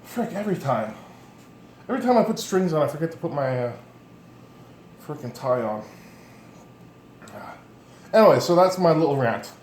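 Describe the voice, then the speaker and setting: A man's voice: a little high, very animated, normal speed, pauses often, darkish tone, slight background noise. A man giving a casual demonstration of instrument setup, rambling and correcting himself as he goes, recorded in a home workshop on a camera mic. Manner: rambling, self-correcting, plainspoken. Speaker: instrument maker and teacher. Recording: echoey room with faint ambience.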